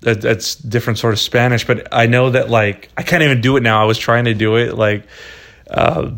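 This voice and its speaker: A man's voice: mid-range voice, fairly even intonation, normal speed, creaky, fairly bright tone. Male solo podcast host, casual rambling delivery, lots of swearing and "dude.". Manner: rambling and profane, full of "dude" and "man".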